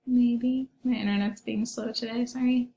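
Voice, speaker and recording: A young woman teacher walks her pupils through a website in a recorded online lesson. She sounds chatty and upbeat, and her voice has a gravelly edge. The room around her is echoey. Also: on the high side, fairly even intonation, normal speed, dark tone, highs cut off. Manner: chatty, upbeat, many ums, asides to pupils. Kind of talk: recorded online class walkthrough.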